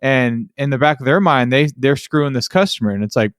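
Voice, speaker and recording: A man's voice: mid-range voice, brisk, no echo, studio quality. A man hosting a podcast, chatting casually with a guest and rambling through his points. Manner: animated, acts out customers and technicians. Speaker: podcast host. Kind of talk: casual interview chat.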